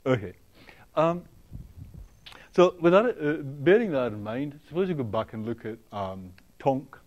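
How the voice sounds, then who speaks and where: A man giving a university lecture, talking in a halting way with many ums and restarts, often checking in with the students. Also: mid-range voice, lively intonation, darkish tone, highs cut off. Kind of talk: classroom lecture. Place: lecture hall.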